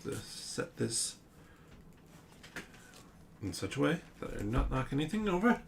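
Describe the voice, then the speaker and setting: A man plays through a board game alone, musing aloud about rules and tokens and mocking himself now and then. He reads the story passages in a middling voice, neither high nor low. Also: big pitch swings, unhurried, vocal fry, a little hiss or hum. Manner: muses aloud, self-mocking asides. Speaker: board game player and host.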